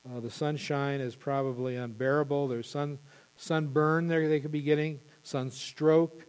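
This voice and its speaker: A male pastor preaching an impassioned sermon, building to loud emphatic peaks. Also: a little high, little pitch movement, unhurried, smooth, long reverb tail.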